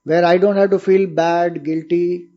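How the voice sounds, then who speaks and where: A man's voice: high-pitched, level tone, measured pace. A man with an Indian English accent giving an informal spiritual talk, explaining ideas conversationally and asking his listeners rhetorical questions. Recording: dull lo-fi recording.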